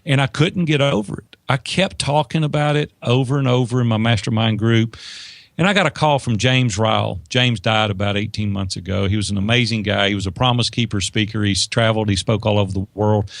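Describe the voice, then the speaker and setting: A man telling personal stories as an interview guest, in an emphatic, animated way. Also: on the low side, fairly quick, gravelly, dry recording, clean studio sound. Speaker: interview guest, business mentor. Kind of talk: conversational storytelling.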